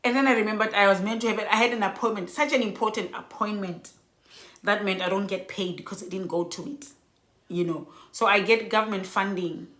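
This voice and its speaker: A woman telling an emotional storytime vlog, sounding worn out and animated by turns. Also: medium pitch, brisk. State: exhausted. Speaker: vlogger. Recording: echoey room.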